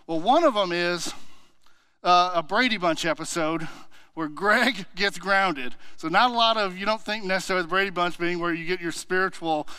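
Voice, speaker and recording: A man's voice: high-pitched, normal speed, bright, forceful tone, clean tone, dry recording. A man teaching a church Bible class in a conversational way, asking himself questions and retelling stories with animation.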